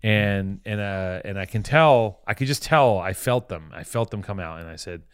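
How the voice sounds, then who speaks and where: A man's voice: lowish voice, moderate pace, clean tone, dry recording, clean studio sound. A man hosting a podcast in casual banter, crude and joking, rambling through stories. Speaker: podcast host.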